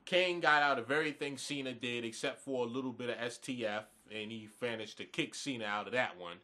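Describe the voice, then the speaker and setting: A man's voice: mid-range voice, fairly quick, bright, forceful tone. A man giving a blunt, profane, rambling review of a wrestling event in a casual rant, groggy this morning.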